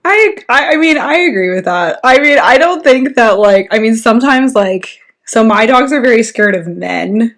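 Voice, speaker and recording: A woman's voice: fairly high pitch, lively intonation, moderate pace, few pauses, a bit bright. Giggly woman podcast co-host. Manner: giggly, chatty. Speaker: podcast co-host, student pilot. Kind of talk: casual chat.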